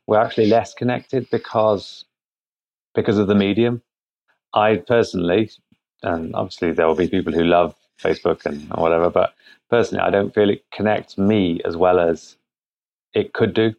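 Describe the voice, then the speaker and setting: Brief: man as an interview guest, very low and gravelly, unhurried and halting, heard over muffled remote call audio. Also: a little mellow. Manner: thoughtful, halting, frequent restarts. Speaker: guest, product founder. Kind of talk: conversational interview answers.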